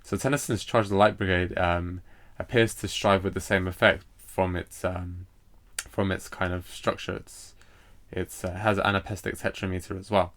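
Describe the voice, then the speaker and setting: A man's voice: deep voice, fairly even intonation, fairly bright tone. A man teaching a recorded poetry lesson, hesitant and full of fillers as he explains meter. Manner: hesitant, lots of fillers and restarts; reads poetry lines aloud slowly with stress.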